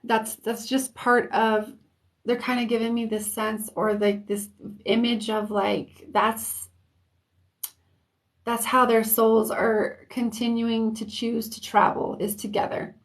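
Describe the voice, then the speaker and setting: Woman, intuitive reader, live-stream reading, unhurried, gropes for words, gentle reassurance. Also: a little high, little pitch movement. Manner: hesitant, searching for words; soft, comforting reassurance.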